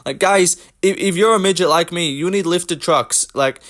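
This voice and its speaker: A man putting on a mocking impression of a boastful male fighter, high and nagging. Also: moderate pace, fairly bright tone. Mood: boasting. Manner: high, nagging, self-praising.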